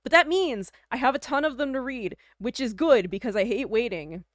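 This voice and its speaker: A woman's voice: on the high side, lively intonation, moderate pace, no echo, studio quality. A young woman from Canada chatting casually on a livestream, rambling with lots of fillers and little laughs. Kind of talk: casual chat.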